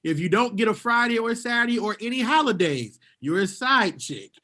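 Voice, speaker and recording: A man co-hosting a podcast in casual chat, animated and laughing often. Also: high-pitched, a little fast. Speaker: podcast co-host.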